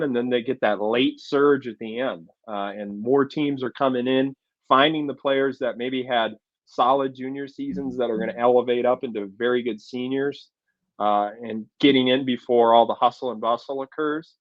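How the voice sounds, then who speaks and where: A man's voice: medium pitch, dry recording, lo-fi sound. A man co-hosting a sports chat show, breaking down recruiting in an analytical way with frequent fillers. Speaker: sports podcast co-host.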